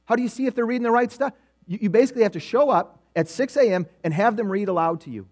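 A middle-aged man delivers a sermon in a relaxed, story-driven way, often doubling back on his words. His voice sits notably high for a man. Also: quick pace. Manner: conversational storytelling preaching with repetitions. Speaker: preacher.

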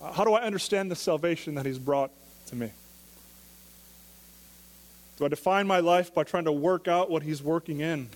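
A man's voice: a little high, moderate pace, pauses often, in a large hall. A man preaching a sermon as pastor, talking in a conversational way and asking the listeners question after question.

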